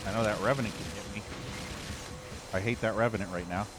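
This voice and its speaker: A man's voice: fairly low pitch, steady tone, a little fast. A man streaming a shooter game, giving live commentary with frequent profane, frustrated rants. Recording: game music and gunfire behind.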